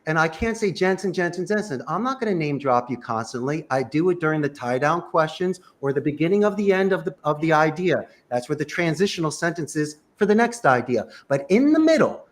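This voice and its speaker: A man giving emphatic, rapid-fire sales coaching, full of rhetorical questions. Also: fairly high pitch. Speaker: sales trainer. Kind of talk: animated coaching talk.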